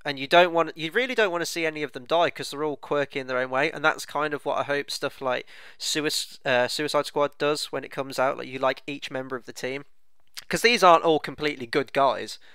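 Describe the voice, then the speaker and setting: A man co-hosting a casual film review chat, relaxed and rambling. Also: fairly high pitch, a little fast, smooth, dry recording. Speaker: film club co-host.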